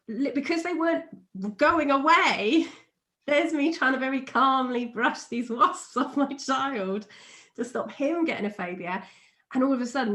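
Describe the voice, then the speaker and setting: Woman, middle-aged, trainer explaining to students, lively chatty storytelling, bit of laughter, fairly high voice. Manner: chatty and animated, laughing often through her story. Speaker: NLP trainer. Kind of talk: teaching explanation with personal anecdote.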